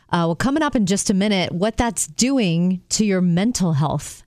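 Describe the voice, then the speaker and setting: A woman's voice: mid-range voice, animated, a little fast, hardly any pauses, no room sound, studio quality. A middle-aged woman co-hosting a talk show, chatting upbeat and reading short news items. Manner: upbeat, reads news teasers. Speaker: radio show co-host. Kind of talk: casual chat.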